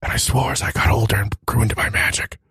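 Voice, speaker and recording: A man voicing a timid male magical dragon, the last of his kind, in whispered role-play, hushed and nervous. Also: mid-range voice, steady tone, fast talker, creaky, breathy edge, no room sound, studio quality, full character voice. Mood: fearful hushed.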